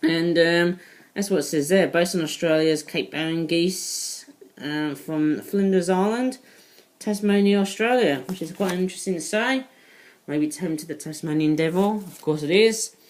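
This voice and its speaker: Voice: medium pitch, moderate pace, a little mellow, slight background noise, rough recording. A person from the UK with a British accent, reviewing toys in a casual, rambling vlog full of asides. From United Kingdom. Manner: rambling, digressive, with frequent asides. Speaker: toy reviewer.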